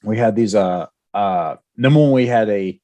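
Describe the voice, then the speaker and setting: Mellow-voiced man telling war stories. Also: lowish voice, normal speed. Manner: storytelling, animated, with laughs. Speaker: podcast co-host. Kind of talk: casual veterans' podcast chat.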